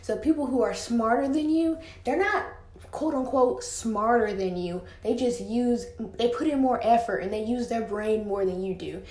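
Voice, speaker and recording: A teenage girl hosts her own podcast from a room at home, chatting casually and solo with plenty of filler words. Her voice is fairly high and darkish, at a normal pace, and she sounds slightly out of breath in the reverberant indoor space.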